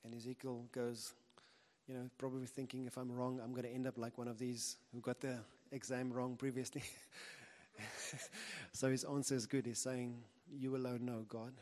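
A man's voice: mid-range voice, level tone, normal speed, darkish tone, in a large hall. A man preaching a sermon in an earnest, conversational way.

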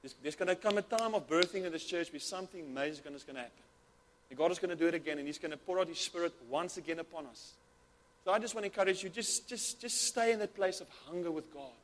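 A man's voice: high-pitched, fast, slight background noise. A man preaching a sermon with fervent, repetitive delivery, often restarting his words. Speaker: pastor.

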